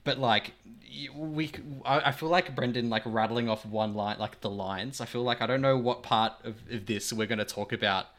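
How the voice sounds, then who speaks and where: A man co-hosting a podcast, talking excitedly about a film and laughing often. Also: medium pitch, moderate pace. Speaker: podcast co-host. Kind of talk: casual movie chat.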